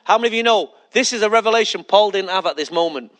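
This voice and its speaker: A male pastor with a high, fairly bright voice preaches a sermon, talking fast. He's emphatic, hammering his points home through repetition and repeatedly asking the congregation questions.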